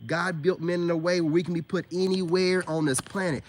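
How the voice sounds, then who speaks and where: A man's voice: a little high, brisk, few pauses, slight background noise. A man giving a casual, preachy monologue as a self-styled spiritual coach, emphatic and full of street slang and rhetorical questions.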